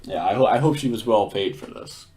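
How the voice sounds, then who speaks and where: A man's voice: fairly low pitch, fairly quick, darkish tone. A man giving casual reaction commentary on a video, swearing freely, laughing often and restarting his sentences.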